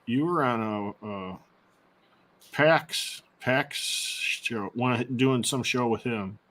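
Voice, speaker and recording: A man in casual chat, telling stories in a relaxed way with plenty of restarts. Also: mid-range voice, takes it slowly. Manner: relaxed storytelling with fillers and restarts. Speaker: co-host.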